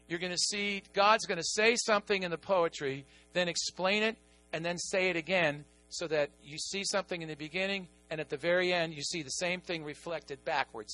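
A middle-aged man preaching with a high, bright and ringing voice. He swings from hushed asides to excited bursts of emphasis. The sound is close and dry, with faint guitar underneath. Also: dry recording. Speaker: pastor. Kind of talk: sermon.

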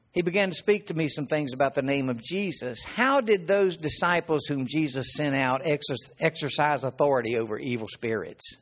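A middle-aged man giving an informal sermon, speaking conversationally, asking rhetorical questions and clearing his throat often. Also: on the high side, animated, normal speed, a bit bright. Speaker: preacher.

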